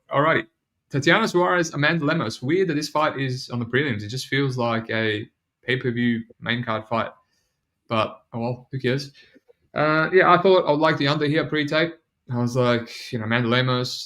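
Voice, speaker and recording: A man's voice: mid-range voice, fairly bright tone. A man with a New Zealand accent hosting a casual betting podcast, chatting in a loose, slangy way. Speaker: podcast host.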